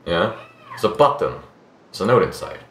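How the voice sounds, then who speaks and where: A man's voice: deep voice, sing-song, moderate pace, a bit bright, echoey room, a little hiss or hum. A young man casually commenting on a game he plays, joking and swearing, reading game text aloud. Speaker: gaming video creator. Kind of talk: casual let's play commentary.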